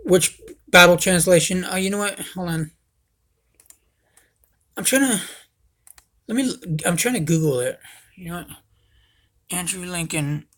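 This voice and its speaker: A man's voice: high-pitched, animated, a little slow, pauses often, a bit bright. A young man hosting a casual livestream, rambling and swearing, calling everyone dude. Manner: rambling, profane, says dude a lot. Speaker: livestream host.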